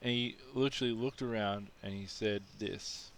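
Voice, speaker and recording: Aussie man ranting to camera, blunt and exasperated, lowish voice, faint background hum. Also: steady tone, normal speed. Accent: Australian. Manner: blunt, exasperated, frequent restarts. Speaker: vlogger. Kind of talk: casual storytelling rant.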